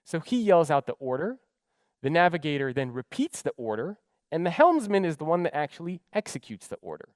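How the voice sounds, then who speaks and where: A fairly quick man with a higher-pitched voice, recorded dry, delivers a keynote talk. He's an animated, dramatic storyteller who acts out the dialogue in his tales.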